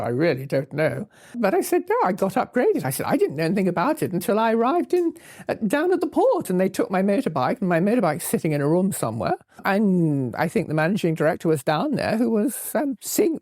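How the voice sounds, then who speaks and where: Older Englishwoman with a lively, dark voice. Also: fairly low pitch, no echo, clean studio sound. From England. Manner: lively, laughs while telling stories. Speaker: interviewee recalling her travels. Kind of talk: anecdotal storytelling.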